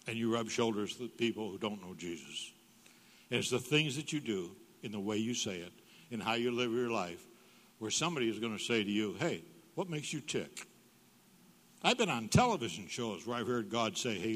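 A man's voice: lowish voice, lively intonation, fairly quick, a bit bright. An older man preaching as a guest speaker, telling humorous stories and acting out dialogue with big jumps in his voice. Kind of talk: humorous sermon storytelling. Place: church sanctuary. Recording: reverberant church hall.

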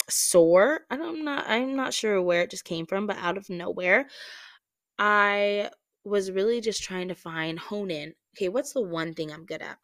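Woman host, lowish voice, dry close mic, candid personal story with lots of um and like. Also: dry recording. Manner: candid, animated, many fillers. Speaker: podcast host.

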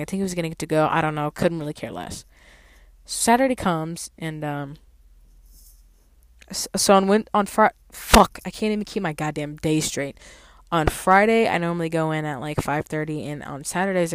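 A woman's voice: lowish voice, dry recording. A woman telling a storytime rant about her parking job in a blunt, profane, sassy way, with sudden emphatic outbursts. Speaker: valet parking attendant.

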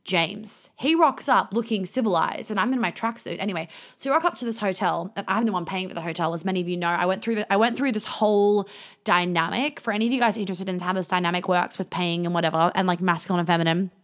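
A woman's voice: medium pitch, fast talker. Chatty woman telling stories. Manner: chatty, swears freely, laughs through anecdotes. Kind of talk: casual storytelling monologue.

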